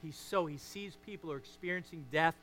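Male pastor, sermon, bright voice, a bit high, hushed to emphatic. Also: brisk, a little hiss or hum.

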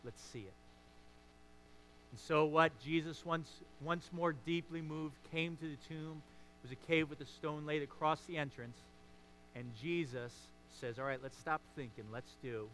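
A man preaching a sermon as a pastor, swinging between hushed, intimate stretches and emphatic, rising passages. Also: fairly high pitch, measured pace, slight background noise.

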